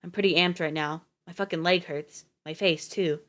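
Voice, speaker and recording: Woman reads a shaken young woman, muttering, wry, lowish. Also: steady tone, normal speed, natural voice.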